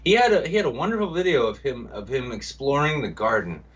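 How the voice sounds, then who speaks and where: Male podcast co-host, husky voice with lively pitch, casual and teasing; distant mic, dull lo-fi sound. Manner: joking, teasing, quick voice switches for quoted bits. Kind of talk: casual live-stream banter.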